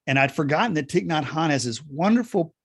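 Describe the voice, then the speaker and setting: A male pastor loosely introducing a guest in a church service, talking with many pauses and restarts. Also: on the high side, expressive, husky. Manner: halting, with many fillers and restarts.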